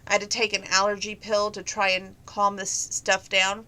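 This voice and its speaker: A woman's voice: medium pitch, level tone, moderate pace, bright, forceful tone. A woman, telling a rambling story about her day in a casual vlog, her sinuses congested. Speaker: vlogger.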